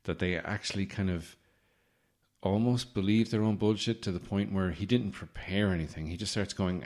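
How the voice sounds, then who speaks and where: A man's voice: low voice, fairly even intonation, moderate pace, a little mellow. A man hosting a podcast, giving a comedic monologue in a sardonic, rambling way with swearing. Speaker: podcast host.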